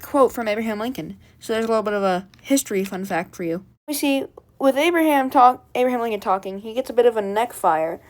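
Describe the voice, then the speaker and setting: A woman's voice: a little high, a bit bright. A woman casually recapping and reviewing a comic book in a chatty, rambling way.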